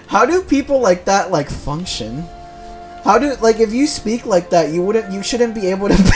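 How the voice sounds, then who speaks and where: A man streaming a game, rambling and joking in casual commentary and swearing freely. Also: sits high.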